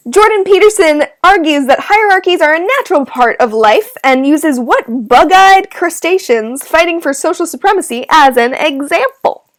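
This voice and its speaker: A woman runs a live online trivia game in a high, bright-pitched voice. Her pitch swoops widely as she reads each question twice. She fills the gaps with playful, jokey asides. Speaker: trivia host.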